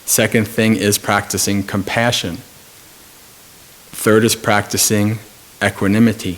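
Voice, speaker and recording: A man with a fairly low voice, speaking as a Buddhist monk at a retreat. He gives his dharma talk calmly and at a measured pace. He often pauses and fills the gaps with soft hesitations while he tells a story. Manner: calm, measured storytelling with frequent pauses and fillers.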